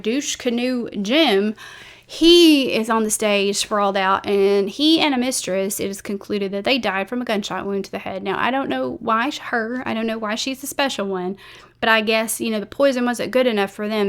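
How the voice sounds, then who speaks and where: A woman hosting a true crime channel, telling the story casually with lots of fillers, emotional moments and blunt asides. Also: medium pitch. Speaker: true crime YouTube host.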